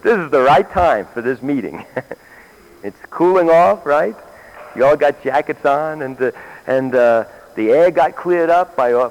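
A man's voice: a little high, darkish tone. An older man, a grandfather, preaching a sermon in a meeting hall, questioning his listeners and repeating key phrases.

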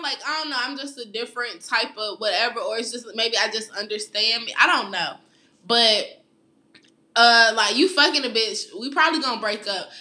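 A woman telling a personal story in casual, candid chat, animated and profane, laughing often. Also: on the high side, roomy sound.

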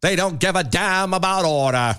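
A man's voice: high-pitched, normal speed, bright, forceful tone, smooth. A man co-hosting a casual political chat, wry and laughing often, trailing off mid-sentence. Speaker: co-host.

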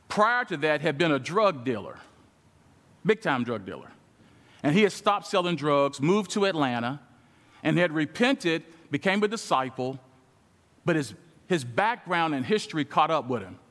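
High-voiced preacher man in a reverberant hall. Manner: animated, acts out quoted dialogue with shifting pitch. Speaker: guest preacher. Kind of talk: sermon storytelling.

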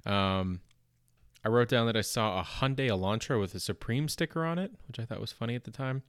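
Here a young man from Canada, speaking with a Canadian accent, talks at a fairly quick clip in a mid-range voice. The studio sound is clean with no echo as he hosts his comedy podcast, rambling through old notes with lots of fillers, restarts and self-mocking remarks.

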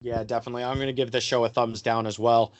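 A man's voice: medium pitch, little pitch movement, fast talker, no echo. A man hosting a casual podcast, rambling with lots of fillers and crude jokes. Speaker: podcast host.

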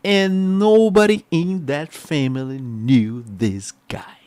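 A man with a Brazilian Portuguese accent, a native Portuguese speaker, giving a testimony sermon in an excitable, animated storytelling way. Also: fairly high pitch, takes it slowly, dry recording. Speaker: preacher.

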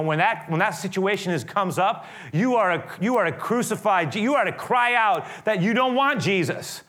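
A man preaching a sermon, retelling a scripture story dramatically, shifting from loud to hushed. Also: mid-range voice.

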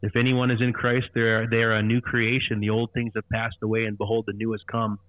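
A man in his thirties, a guest, shares his conversion testimony in earnest, repetitive storytelling full of halting restarts. His fairly low voice stays monotone. The line sounds tinny and phone-like, dry and without echo.

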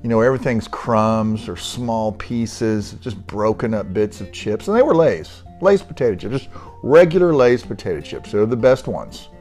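A man's voice: fairly low pitch, expressive, normal speed, darkish tone, soft background music. A middle-aged man hosting his own podcast, rambling casually and grumbling wryly about small everyday irritations. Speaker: podcast host. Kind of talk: casual solo podcast monologue.

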